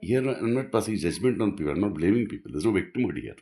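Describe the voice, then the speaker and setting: A man's voice: fairly low pitch, expressive, fast talker, mellow. A man giving an earnest, rambling reflective monologue, often restarting his sentences.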